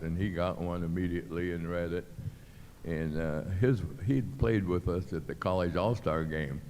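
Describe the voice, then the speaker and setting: Older male storyteller, very low voice, long hall reverb with faint room noise. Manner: animated storyteller acting out quotes. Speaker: guest. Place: club venue with live audience.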